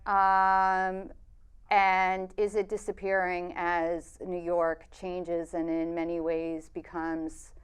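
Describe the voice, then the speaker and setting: Thoughtful woman guest, smooth voice. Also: on the low side, little pitch movement. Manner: thoughtful, measured, with fillers. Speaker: documentary filmmaker, interview guest. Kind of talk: radio interview answers.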